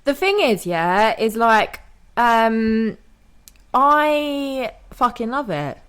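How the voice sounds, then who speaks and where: A woman's voice: a little high, very animated, very slow, fairly bright tone, clear, resonant tone. A young woman co-hosting a podcast in casual chat, upbeat and slangy. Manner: upbeat, slangy, eager to cheer on. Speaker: podcast co-host.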